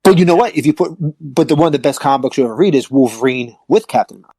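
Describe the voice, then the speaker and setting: A male podcast host in easygoing chat, emphatic and animated as he talks. His mid-range voice sits dry and close to the mic. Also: mid-range voice, racing, husky, no room sound, poor audio. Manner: animated, emphatic, rising to excited peaks. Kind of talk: casual chat.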